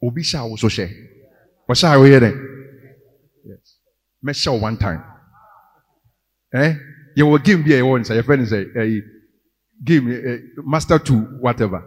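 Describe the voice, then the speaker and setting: A man with a Ghanaian accent preaching a sermon, moving between English and Twi and rising to loud, emphatic calls. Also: medium pitch, moderate pace, long pauses, husky, long reverb tail. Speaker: pastor.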